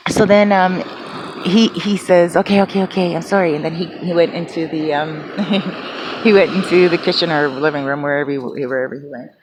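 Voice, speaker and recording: This woman has a low voice and a moderate pace, recorded over a noisy background while she vlogs in her small apartment. Her casual storytelling meanders, with plenty of fillers and restarts.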